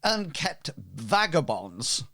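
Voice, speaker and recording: A man's voice: medium pitch, very animated, slow pace, vocal fry, pushed and bright, breathy edge, heavily acted. A man voicing a haughty male merchant who takes offense easily and talks down to strangers. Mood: indignant. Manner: indignant, sniffy.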